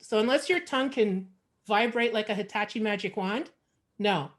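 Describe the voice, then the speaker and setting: A woman's voice: medium pitch, moderate pace. A woman from Montreal with a Canadian accent, performing a frank, sardonic stand-up set over a video call. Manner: frank, sardonic, conversational with many fillers. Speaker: stand-up comedian.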